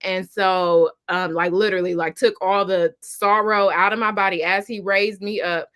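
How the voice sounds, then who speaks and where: Bright-voiced woman telling her story. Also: mid-range voice, moderate pace. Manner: animated and emphatic, acts out her own past thoughts. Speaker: guest. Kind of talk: personal storytelling in a conversation.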